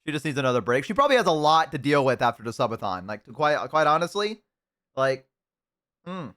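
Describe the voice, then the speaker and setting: A man on the high side with big pitch swings, fairly quick delivery, and a clear, resonant, slightly bright tone. He's streaming and eating, chatting casually with viewers in a rambling, self-deprecating way, with many fillers and restarts.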